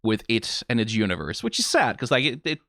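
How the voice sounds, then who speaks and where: A man's voice: mid-range voice, huge pitch swings, fairly quick, gravelly, a bit bright, dry recording, studio quality. A young man from Denmark giving casual, wry reaction commentary as a content creator, rambling and often restarting his sentences.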